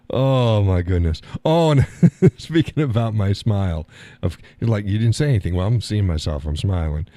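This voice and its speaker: A man's voice: lowish voice, lively intonation, moderate pace, mellow, no room sound. A man hosting a live stream, chatting in a rambling, blunt way and laughing often as he talks. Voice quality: swears casually. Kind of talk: casual monologue chat. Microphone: audio call setup.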